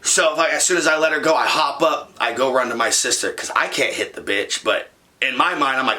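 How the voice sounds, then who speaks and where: Young male vlogger, profane and rambling storyteller, sharp and forceful tone. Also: mid-range voice, brisk. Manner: rambling, profane, with many fillers. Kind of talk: casual storytime monologue.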